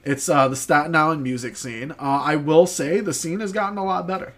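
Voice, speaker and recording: A man's voice: a little high, brisk, fairly bright tone. A man telling a rambling story on a podcast, full of filler words and swearing. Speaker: podcast co-host. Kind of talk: casual chat, storytelling.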